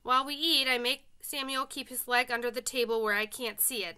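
Brief: woman narrator, bright, fairly high voice, friendly audiobook reading with casual asides. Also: fairly even intonation, a little fast, few pauses, clean tone. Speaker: reader. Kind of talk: audiobook reading of a children's novel.

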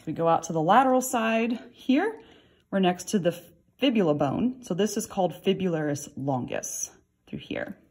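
A woman instructor walks students through a lab lesson, her voice a little breathy and set slightly low. She explains at an easy, patient pace, pausing now and then as she turns a model. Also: lively intonation, darkish tone. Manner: patient, explanatory, handles a model while talking. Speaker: anatomy instructor.

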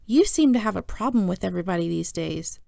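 A woman's voice: fairly low pitch, lively intonation, fast talker, gravelly, dark tone, dry recording, clean studio sound. A woman reading as a stern, loving mom. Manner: scolding, earnest. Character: stern but loving mother of two boys.

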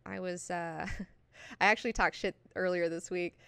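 Woman, book club host, excitable, chatty, profane, smooth clear voice, dry close sound. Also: on the low side, normal speed, dry recording. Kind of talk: casual book discussion.

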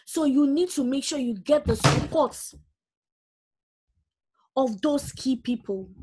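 A woman's voice: high voice, slow, background noise. A woman preaching a sermon, reading scripture aloud and urging her listeners directly.

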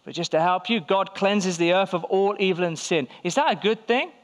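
A man's voice: sits high, moderate pace. A man pastor preaching a conversational sermon to his church, firing rhetorical questions and acting out quoted voices. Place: church hall.

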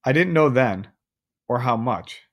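A man's voice: medium pitch, animated, a little slow. A man reading a novel aloud, adding casual chatty asides to his listeners. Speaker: audiobook reader.

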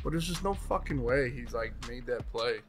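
A gaming streamer with a mid-range voice commentates his own play at a moderate pace, animated and profane. He rants and talks to himself, with game music playing behind him.

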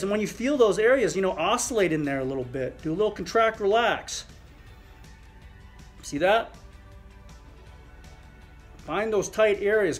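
A middle-aged man with a fairly high voice walks viewers through a thumb exercise as a chiropractor. He talks loosely, with fillers, as he demonstrates each movement. Faint music plays underneath.

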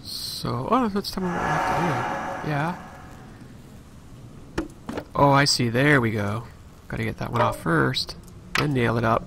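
A man's voice: medium pitch, takes it slowly, creaky, pauses often, background noise. A man giving casual, chatty commentary while playing a video game, thinking aloud and putting on mock outrage at times. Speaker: let's play commentator. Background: game music.

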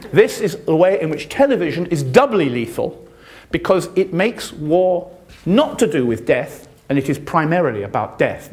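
An older man with a British accent giving an impassioned, sardonic lecture as a journalist in a university hall. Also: darkish tone. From Britain. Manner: impassioned, sardonic, pitch swings widely when stressing points. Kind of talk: passionate public lecture.

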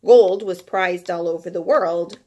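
A woman's voice: fairly low pitch, measured pace, a little mellow. A woman teacher reading a children's nonfiction book aloud to her class, breaking off for chatty, playful asides.

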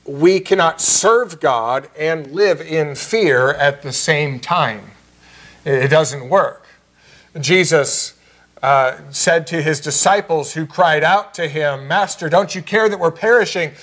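A man preaching as pastor in a church, earnest and measured, slowing down on key phrases. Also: on the high side, fairly bright tone. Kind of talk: sermon. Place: church sanctuary.

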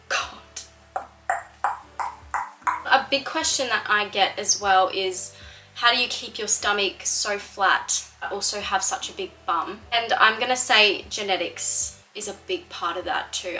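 In a low-quality recording, a young Australian fitness creator chats her way through viewer questions on a laid-back vlog. She has a bright, pushed, mid-range voice and keeps filling her sentences with "like".

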